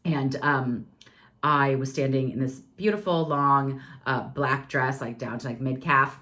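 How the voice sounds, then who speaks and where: A woman in her forties telling personal stories on a podcast in a chatty, fast-talking way, with many fillers. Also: rumbling low, steady tone, sharp tone. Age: 40s. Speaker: podcast guest. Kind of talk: personal storytelling.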